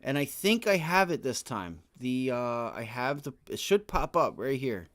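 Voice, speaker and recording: A man hosting a live day trading stream, giving loose, slangy market commentary that swells into loud rants. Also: mid-range voice, very animated, moderate pace. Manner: casual slangy talk that rises to loud rants. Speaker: day trading livestream host.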